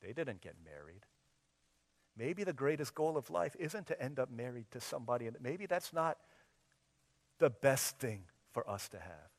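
A man in his thirties preaching a sermon, telling a funny story with acted dialogue, swinging from soft to loud. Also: mid-range voice, sing-song, moderate pace, in a large hall. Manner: humorous, plays out scenes in quoted dialogue. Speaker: pastor.

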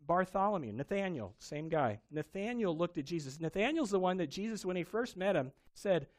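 A man preaching a sermon, telling a Bible story with animated emphasis. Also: sits high, moderate pace. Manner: animated storytelling, acting out quoted voices. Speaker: pastor.

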